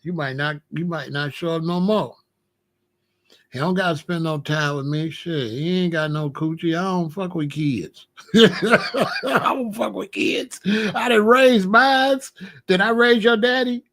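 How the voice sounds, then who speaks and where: A grandfather talking to camera lays into his grandson with a profane, taunting rant, often laughing and asking "you know what I'm saying?" His voice is fairly high and slightly bright, and his pace is moderate.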